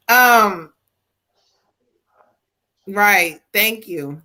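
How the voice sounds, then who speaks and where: A woman psychic medium giving a live-stream spirit reading, animated and conversational. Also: mid-range voice, slow pace, rough recording.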